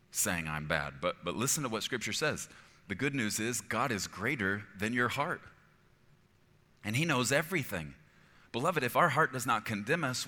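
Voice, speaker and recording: A man's voice: medium pitch, sharp tone, in a large hall. A middle-aged man preaching a sermon as a pastor, earnest and conversational, often checking in with his listeners. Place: church auditorium.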